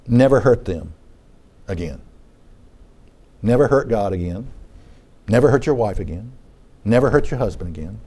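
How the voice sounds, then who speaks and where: Man, preacher, sermon, chatty and repetitive, lively rising and falling voice. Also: medium pitch. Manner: conversational, repeats phrases, restarts. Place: in front of a congregation.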